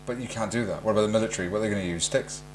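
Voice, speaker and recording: A man co-hosting a podcast, pushing back sceptically with quick questions in casual chat. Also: on the low side, a little hiss or hum. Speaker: podcast co-host.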